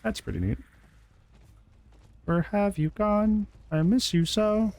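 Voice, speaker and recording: A gaming YouTuber does live, casual commentary over his gameplay, joking with the players on screen and laughing and swearing a lot. His voice sits high with big pitch swings, and he talks slowly. The tone is darkish and the recording is dry.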